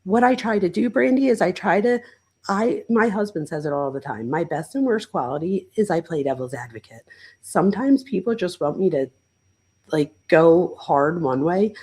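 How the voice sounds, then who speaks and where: A chatty woman hosting a casual livestream, talking straight to her viewers and peppering her sentences with "like." Her voice is gravelly, with a husky edge. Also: lowish voice, expressive, normal speed, mellow, poor audio. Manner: chatty, talks straight to viewers, many "like" fillers. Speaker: host and professor reading live chat.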